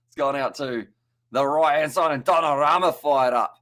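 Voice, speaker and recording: This young man's voice is fairly high and fairly bright, at a moderate pace, with a New Zealand accent. Doing casual live commentary on a football match, he chats, reads viewer comments between plays, and stumbles on names.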